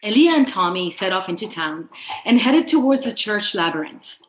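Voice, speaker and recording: A woman reading a children's story aloud in a calm, soft, even way. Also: medium pitch, moderate pace, reverberant, slight background noise, rough recording.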